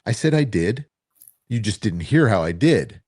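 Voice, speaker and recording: A man co-hosting a casual talk show, telling stories with animated acted-out quotes. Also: lowish voice, moderate pace, slightly rough. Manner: animated, acts out quoted dialogue. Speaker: co-host. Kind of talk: casual storytelling chat.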